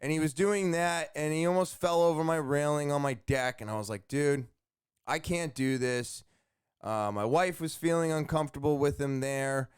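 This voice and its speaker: A man's voice: fairly high pitch, brisk, hardly any pauses, clear, resonant tone, dry recording, clean studio sound. A man hosting his own show, telling a long rambling story with many fillers and repeated words. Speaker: podcast host. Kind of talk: casual storytelling monologue.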